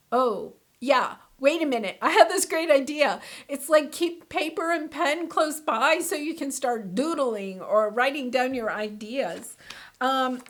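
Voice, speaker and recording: Excitable high-voiced woman reading tarot. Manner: effusive and excitable, with frequent fillers; breaks into laughter. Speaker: tarot card reader.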